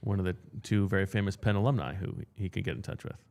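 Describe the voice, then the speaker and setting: A man hosting a casual sports podcast in a somewhat low voice. He reads listener questions from the chat and teases his co-hosts with a dry sense of humor. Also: fairly even intonation, fast talker, vocal fry, a little mellow. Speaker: podcast host.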